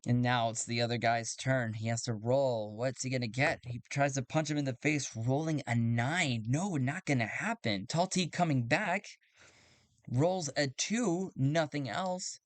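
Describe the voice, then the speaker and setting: A man narrating a solo tabletop game, thinking aloud and getting excited over dice rolls. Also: mid-range voice, measured pace, no room sound. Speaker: solo game player and game master.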